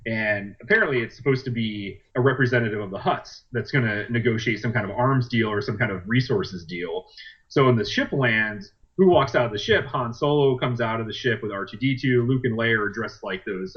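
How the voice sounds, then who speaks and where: A man's voice: fairly low pitch, brisk. A man co-hosting a podcast in casual chat, rambling through a plot retelling with lots of fillers. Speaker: podcast co-host. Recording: dull lo-fi podcast recording.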